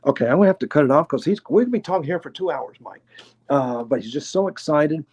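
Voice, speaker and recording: A man with a Tennessee accent gives a live spirit reading in a voice pitched a little high for a man. He talks slowly and chattily, hedging each impression before moving on. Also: expressive, a little mellow, slightly rough. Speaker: clairvoyant medium.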